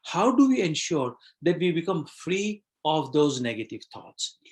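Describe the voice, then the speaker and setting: An earnest man leads a motivational webinar in a fairly high voice for a man. He tells a fable, then repeats its lesson in phrases that speak directly to the listener. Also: very animated, measured pace. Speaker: webinar trainer. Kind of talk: motivational talk with storytelling.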